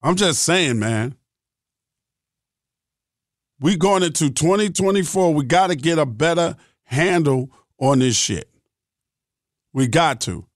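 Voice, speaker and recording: Middle-aged male podcast host, blunt and profane, slightly high voice, dry close sound. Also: expressive, slow, pauses often, no echo. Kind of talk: podcast monologue.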